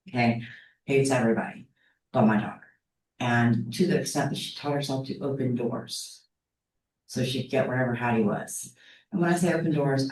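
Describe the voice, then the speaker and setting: A very deep, slightly mellow voice belongs to a middle-aged woman teaching psychology. She takes a relaxed, storytelling approach and checks in with her students often. Recorded from a distance, the classroom sounds echoey.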